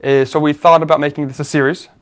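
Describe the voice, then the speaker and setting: This man co-hosts a conversational discussion, speaking fast in a fairly high, flat voice. He lays out his reasoning step by step, with frequent fillers and restarts along the way.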